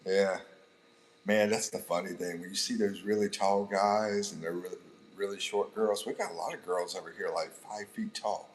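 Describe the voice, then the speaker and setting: A man's voice: sits low, steady tone, normal speed, poor audio. An American man hosting a casual livestream. He reads out viewer comments and jokes around, laughing often and calling people bro. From United States. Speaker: livestream host. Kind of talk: casual live chat reading viewer comments.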